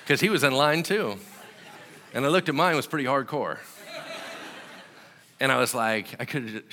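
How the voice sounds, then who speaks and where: A man's voice: mid-range voice, expressive, normal speed, pauses often, bright, forceful tone, big-room sound, a little hiss or hum. A man preaching a sermon as a pastor, telling stories with humor and acting out other people's voices.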